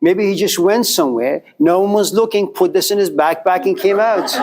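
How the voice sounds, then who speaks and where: A man's voice: sits high, unhurried, noisy background. A man giving a classroom lecture, asking rhetorical questions and answering them himself, with an occasional chuckle.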